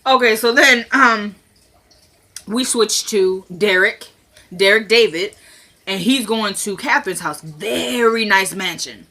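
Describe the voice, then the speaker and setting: Animated young woman recapping a show. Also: mid-range voice, takes it slowly. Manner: animated, opinionated, acts out the dialogue. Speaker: TV episode recap vlogger. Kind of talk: casual recap commentary.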